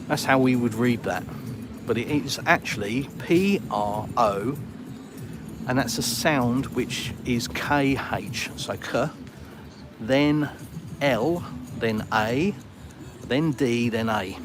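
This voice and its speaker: A British man talks slowly in a medium-pitched voice to his live viewers, walking outdoors along a trafficked town street with music in the background. His vlog chatter, in British English, is rambling and self-deprecating.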